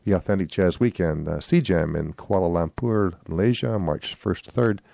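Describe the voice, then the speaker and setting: On his swing music radio show, a man with a low, dark voice and noticeable vocal fry reads event listings at a normal speed. The casual announcements ramble, and he corrects his own slips along the way. There's no echo.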